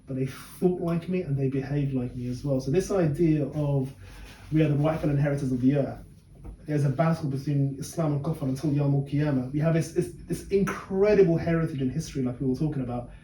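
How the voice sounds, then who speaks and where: A man originally from Bangladesh speaking in a casual chat, earnest and measured as he tells a personal story. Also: fairly high pitch, warm tone. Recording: echoey room, mic at a distance, faint noise.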